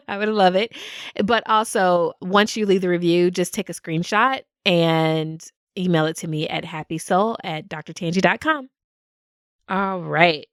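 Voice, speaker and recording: A woman's voice: lowish voice, clean tone, dry recording, studio quality. A woman hosting a solo podcast, talking in an upbeat way and laughing often. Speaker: podcast host.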